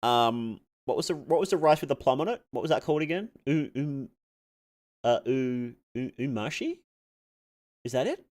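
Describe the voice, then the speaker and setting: A man's voice: mid-range voice, lively intonation, moderate pace. A man streaming a game live, swearing at setbacks and rambling through chat questions with many fillers. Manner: swears freely and reacts loudly to in-game deaths. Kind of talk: live gameplay commentary, answering chat.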